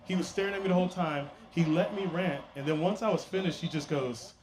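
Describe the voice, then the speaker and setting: A man's voice: on the high side, fast talker, heavy background noise. A man doing a stand-up comedy set, telling stories in a brash, playful way with asides to the crowd.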